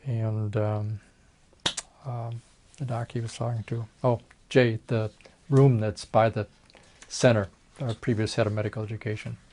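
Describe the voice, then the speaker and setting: A man's voice: lowish voice, little pitch movement, measured pace, dark tone. An older man, a retired plastic surgeon, telling folksy stories in an oral history interview and acting out the voices of people he quotes.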